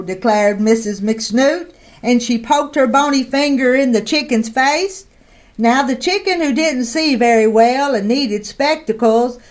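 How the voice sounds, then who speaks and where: A woman reading a children's picture book aloud in a slow, expressive way. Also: high-pitched. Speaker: storyteller.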